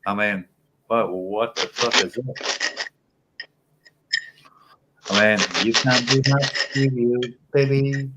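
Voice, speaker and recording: A man with a lowish voice speaks slowly, with long pauses, in a very noisy recording. He's chatting casually on a livestream panel from home via webcam and studio mic, rambling and cheekily teasing his fellow panelists.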